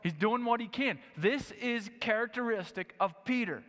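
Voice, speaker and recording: Man, preacher, high voice, sermon, animated storytelling, echoing hall. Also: moderate pace. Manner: animated storytelling, acting out scenes. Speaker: pastor.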